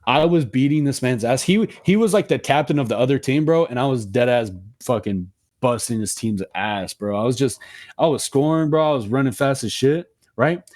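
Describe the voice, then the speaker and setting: A young man co-hosting a podcast, telling a story in a slangy, profane, animated way. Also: mid-range voice, normal speed. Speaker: podcast co-host. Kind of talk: casual storytelling chat.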